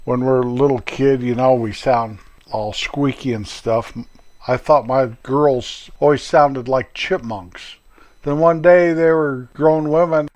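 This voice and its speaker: A man's voice: medium pitch, a little mellow. Folksy older male podcast host. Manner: folksy and rambling, chatty asides. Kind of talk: casual solo podcast monologue.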